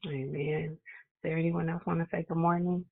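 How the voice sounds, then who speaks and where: A woman's voice: low-pitched, level tone, fairly quick, gravelly, dry recording. A woman hosting a prayer call, greeting callers and affirming them with repeated praise phrases. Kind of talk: casual phone call greetings. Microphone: phone. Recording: tinny phone line.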